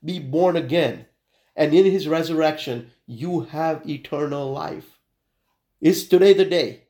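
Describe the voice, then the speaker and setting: A man's voice: a little high, mellow, echoey room. A man preaching a sermon, telling an illustration and leading a prayer, with frequent fillers and restarts. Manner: halting, many fillers and restarts.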